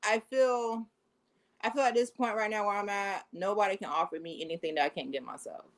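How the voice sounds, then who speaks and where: A woman's voice: medium pitch, a little fast. Woman co-host, casual live-stream talk, blunt, slangy, no-nonsense. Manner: blunt, straight-talking, slangy.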